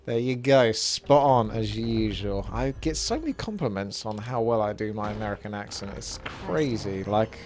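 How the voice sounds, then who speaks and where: A man's voice: lowish voice, lively intonation, normal speed, few pauses, darkish tone. A man giving casual, chatty game commentary, thinking aloud as he plays. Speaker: gameplay commentator.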